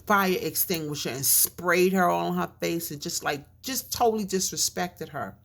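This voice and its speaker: Speaking to her camera, a vlogger with a low, dark voice and vocal fry tells a personal story at normal speed. She's chatty, full of fillers and asides, and a chain in her mouth makes her words slightly mushy.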